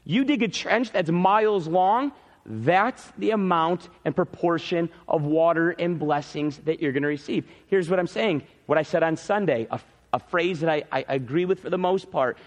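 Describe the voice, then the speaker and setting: A male pastor preaching a sermon in a church, emphatic, repeating key phrases and swinging between loud peaks and quiet drops. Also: on the high side, moderate pace, big-room sound.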